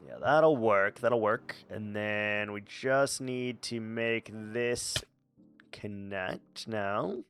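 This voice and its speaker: A man's voice: fairly low pitch, steady tone, extremely slow, fairly bright tone, smooth, faint music behind. A man streaming a game, chatting casually with silly, playful asides and mutters. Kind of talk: casual gameplay commentary.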